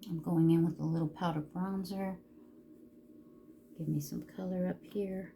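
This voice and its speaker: A woman's voice: fairly low pitch, fairly even intonation, normal speed, gravelly, warm tone, a little hiss or hum. A middle-aged woman chatting casually through a get-ready-with-me makeup video, rambling along and cracking crude jokes. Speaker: makeup vlogger.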